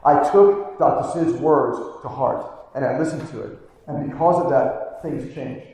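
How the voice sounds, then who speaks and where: A man's voice: mid-range voice, a little slow, mellow. A middle-aged man, a pediatric chiropractor, tells earnest stories to a live conference crowd and keeps asking them "right?". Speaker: pediatric chiropractor giving a keynote. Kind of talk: live conference talk, storytelling. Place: large conference hall, live on stage. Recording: very echoey hall, distant mic.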